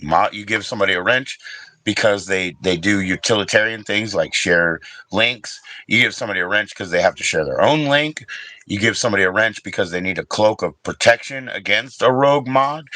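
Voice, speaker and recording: A man's voice: lowish voice, bright, forceful tone, no echo, poor audio. A middle-aged man with a casual, rambling and profane way of talking, hosting his own livestream and chatting with viewers. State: briefly emotional, teary. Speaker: livestream host.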